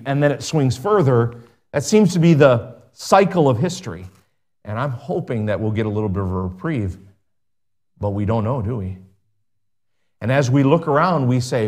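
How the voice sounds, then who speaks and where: A man preaching a sermon as pastor, slowing down to stress words and dropping to a soft voice at the ends of phrases. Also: medium pitch. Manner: preaching with slow emphatic stretches and soft drops.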